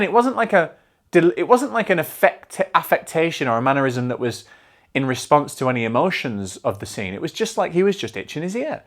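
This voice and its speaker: Northern English man, mid-pitched, hosts a casual film review; chatty, rambling, restarts a lot. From north of England. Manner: chatty and digressive, with many restarts. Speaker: film reviewer and show host.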